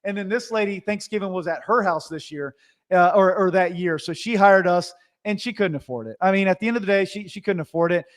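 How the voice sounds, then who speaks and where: A man who runs a Christmas lighting business, telling stories to viewers in an animated, chatty way. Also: sits high, brisk. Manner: animated, chatty, with restarts and asides. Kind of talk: casual storytelling to viewers.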